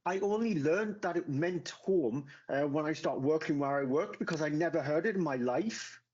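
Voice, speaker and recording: A man's voice: a little high, normal speed, darkish tone, lo-fi sound. A man from northeast England, chatting casually and matter-of-factly as a podcast co-host. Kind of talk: casual chat.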